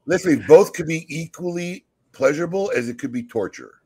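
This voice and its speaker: Husky, lively male podcast host. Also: a little high. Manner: animated, teasing, quick asides. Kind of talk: casual group chat.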